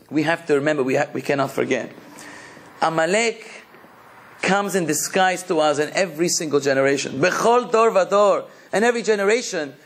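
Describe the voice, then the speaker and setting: High, husky-voiced rabbi preaching with passion. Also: male voice. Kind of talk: sermon.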